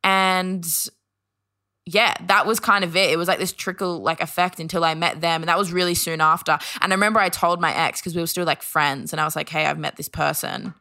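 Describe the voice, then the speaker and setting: Woman, podcast guest, casual storytelling, chatty, lots of "like", fairly low pitch. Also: fairly even intonation, fairly quick, bright, forceful tone. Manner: chatty, fills every phrase with "like", acts out quoted voices.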